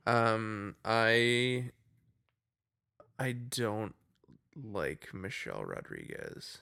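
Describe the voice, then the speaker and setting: A man's voice: fairly low pitch, sing-song, drawn-out words, gravelly, sharp tone, clean tone, no echo, clean studio sound. A man co-hosting a casual film podcast, rambling and jokey with lots of fillers. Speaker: podcast co-host. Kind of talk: casual film review chat.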